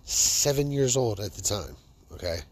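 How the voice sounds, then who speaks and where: A man's voice: fairly low pitch, big pitch swings, unhurried, husky. A man in a casual comedic monologue, hosting his own show, sarcastic and laughing at his own stories. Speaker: podcast host.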